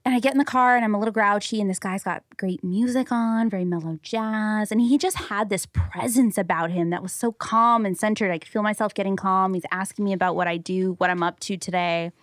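Woman, 30s, podcast co-host, lively storyteller, dry studio sound. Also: medium pitch, a little fast, hardly any pauses, no room sound. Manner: animated storyteller, acts out quoted people. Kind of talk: casual chat, storytelling.

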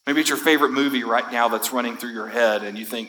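A man's voice: mid-range voice, fast, hardly any pauses, pushed and bright, rough recording. A man giving a conversational sermon as a pastor, building to emphatic lines. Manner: conversational, quotes movie speeches with rising emphasis. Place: church sanctuary.

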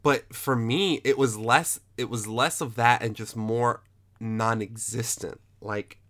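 A man hosts a casual film chat at a middle pitch. He talks in an animated, emphatic way and swears freely, with plenty of restarts. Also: takes it slowly.

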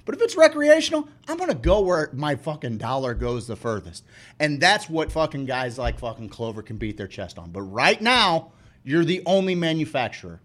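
A man's voice: on the high side, big pitch swings, moderate pace, a bit bright. A man co-hosting a podcast, talking in a heated, emphatic rant full of swearing. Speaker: podcast co-host. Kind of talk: casual profane rant.

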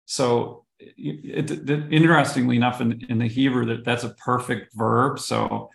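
A male pastor co-hosting a bible study podcast, his voice heavily gravelly with a strong fry. He explains earnestly, often restarting his sentences. The room adds a noticeable echo. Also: medium pitch, steady tone, moderate pace, few pauses.

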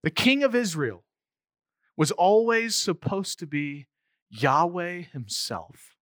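Male pastor, sermon delivery, higher-pitched voice, dry close mic, animated with emphatic climbs. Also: slow pace, no echo. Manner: animated, rising to near-shouts for emphasis.

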